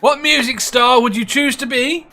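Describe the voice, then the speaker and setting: A man's voice: very high voice, moderate pace, sharp tone, soft background music. A man hosting a casual online quiz with friends, laughing often between lines. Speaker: quiz host.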